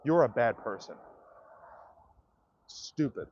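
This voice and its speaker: A man's voice: mid-range voice, lively intonation, takes it slowly, a little mellow, muffled recording, slight background noise. A man livestreaming outdoors, ranting to his viewers in a profane, direct way. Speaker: comedian livestreamer. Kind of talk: livestream rant to chat.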